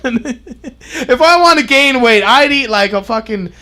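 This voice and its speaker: A man's voice: very high-pitched, a little slow, sharp tone. A man doing a stand-up comedy bit, laughing through his own jokes.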